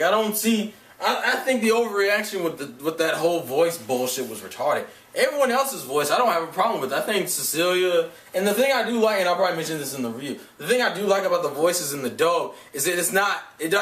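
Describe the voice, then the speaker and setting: A man's voice: a little high, fairly bright tone. Rambling young man in an echoey room. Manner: rambling, profane, many fillers and restarts. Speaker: anime vlogger. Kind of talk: casual rambling vlog. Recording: echoey room, mic at a distance.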